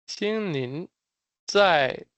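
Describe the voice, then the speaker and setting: A man's voice: high-pitched, expressive, fairly bright tone, clean tone, dry recording. Man teaching Mandarin phrases, hesitant. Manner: explains each word slowly, with many fillers and restarts. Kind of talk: online language lesson.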